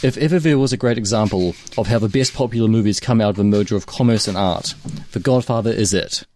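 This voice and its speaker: A man discussing a film casually as a podcast co-host, halting and repeating words. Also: fairly low pitch, a little mellow.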